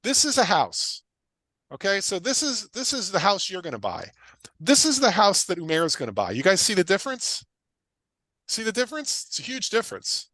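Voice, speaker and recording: A middle-aged man teaches a live online class, hammering his points home with repeated questions and quick casual tangents. His voice sits high and swings widely in pitch, with a bright, forceful edge. The sound is close and dry. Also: wildly swooping pitch, dry recording. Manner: emphatic and repetitive, drives points home with questions. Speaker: guest real estate investor teaching. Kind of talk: energetic livestream teaching talk.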